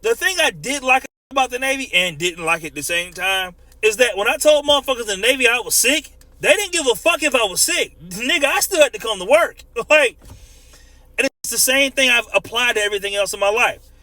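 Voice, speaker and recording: A man's voice: very high voice, lively intonation, a little fast, sharp tone, dry recording. A man in his thirties, a truck driver, ranting profanely in a casual monologue and laughing often as he tells stories.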